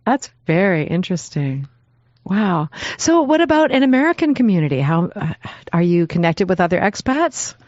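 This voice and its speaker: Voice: mid-range voice, sing-song, moderate pace, a little mellow, no echo, highs cut off. A host asking questions in casual interview talk, curious and engaged. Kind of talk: interview conversation.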